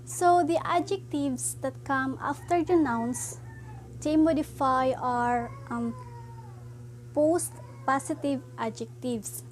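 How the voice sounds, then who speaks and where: Slow, halting high-voiced woman teacher. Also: low-quality recording. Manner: slow, halting explanation with frequent "so" and "um". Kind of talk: classroom grammar lesson.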